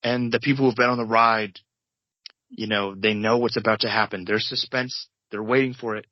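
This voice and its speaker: Low-voiced man rambling through a comic table read. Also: fairly even intonation, no echo. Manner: rambling, halting, self-interrupting narration. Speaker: podcast co-host and narrator. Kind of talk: improvised comedic table read. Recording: dull, lo-fi, dry podcast mic.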